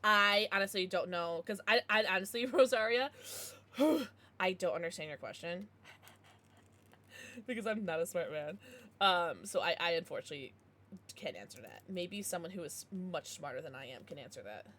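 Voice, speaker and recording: A woman's voice: fairly low pitch, lively intonation, normal speed, pushed and bright. A young American woman chatting casually on a livestream, giggly and bubbly as she greets viewers and reads out chat.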